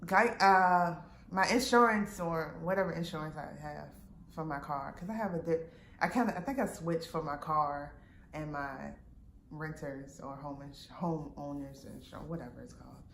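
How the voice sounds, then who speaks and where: Woman, low-ish voice, casual emotional storytelling, lots of fillers, faint background hiss. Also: normal speed. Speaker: vlogger. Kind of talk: personal storytime. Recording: roomy with faint background noise.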